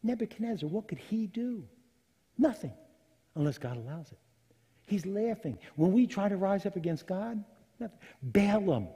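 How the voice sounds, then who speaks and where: Man, pastor, sermon, animated storytelling, slightly high, husky voice. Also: moderate pace, long pauses. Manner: animated storytelling, acting out biblical characters. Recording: long hall reverb.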